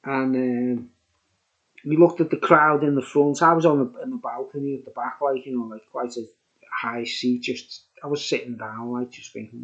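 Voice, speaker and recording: A man's voice: mid-range voice, steady tone, moderate pace, fairly bright tone, muffled recording. A middle-aged man, tipsy and rambling as he reviews a beer, chuckling and saying "like" a lot. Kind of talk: rambling casual chat.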